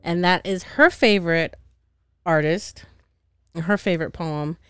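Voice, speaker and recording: A young woman talking on a casual podcast, lively and loose with her language. Her voice is smooth and clear, recorded dry and close. She laughs easily and acts out little bits of dialogue. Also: on the low side, measured pace, no echo. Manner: animated, laughing, swears freely, acts out characters. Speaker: podcast host. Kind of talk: casual chat recap.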